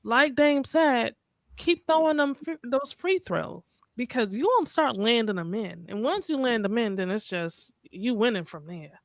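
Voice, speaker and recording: A woman's voice: a little high, expressive, a little slow, dry recording, clean studio sound. A woman co-hosting a podcast, giving blunt, slangy dating advice in casual chat. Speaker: podcast co-host.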